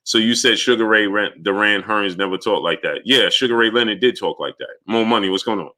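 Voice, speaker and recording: A man's voice: fairly low pitch, sharp tone. A man hosting a livestream, reading out chat names and arguing heatedly with viewers in a lecturing tone. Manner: rapid greetings to chat names between rants. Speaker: livestream host answering chat. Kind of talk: live-stream commentary reading chat.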